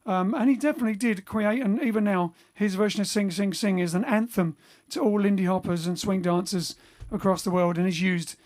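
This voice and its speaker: A man's voice: high voice, steady tone, fairly quick, few pauses, a little mellow. A man hosting a lockdown livestream for his band, chatting casually and reading out viewer comments, rambling with lots of fillers and restarts. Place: home during lockdown.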